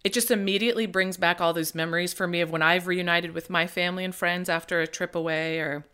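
A woman from Nebraska co-hosting a movie review podcast, talking in an enthusiastic, expressive casual chat. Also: lowish voice, fast, smooth. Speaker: podcast co-host.

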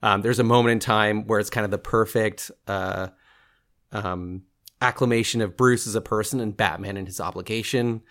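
A man's voice: lowish voice, fairly even intonation, moderate pace, a bit bright. A man in his thirties talking as a guest on a podcast, enthusiastic and laughing often. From Southern California. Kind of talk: casual interview chat.

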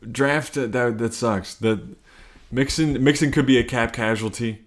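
A man's voice: mid-range voice, a little slow. A man hosting a casual solo podcast, rambling and swearing, interrupting himself as he talks. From Cincinnati. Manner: rambling, profane, self-interrupting. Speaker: podcast host.

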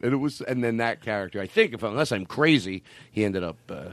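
A man's voice: fairly low pitch, lively intonation, a little fast, dry recording. Male podcast host, rambling, giggly, dry studio sound. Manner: rambling, laughing, goofy voices. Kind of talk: rambling comedic podcast chat.

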